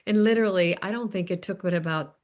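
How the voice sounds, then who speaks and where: A woman on a video call giving a quick, chatty share as a webinar participant. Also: lowish voice, darkish tone.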